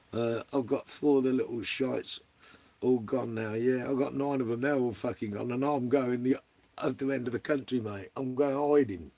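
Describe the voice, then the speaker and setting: A middle-aged English man with a husky, fry-laden voice chats to his livestream viewers. He talks bluntly and rambles, dropping swear words all the time. His pitch sits in an ordinary middle range. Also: fairly even intonation, moderate pace, darkish tone, no echo. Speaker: vlogger. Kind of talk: casual livestream chat, answering viewers.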